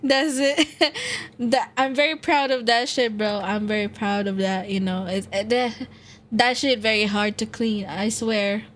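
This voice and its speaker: Slow, giggly woman streamer. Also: on the high side, fairly even intonation, fairly bright tone, slight background noise. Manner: giggly, swears freely, repeats phrases; talks to chat and friends while setting up a game. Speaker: VTuber streamer. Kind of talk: casual live-stream chat.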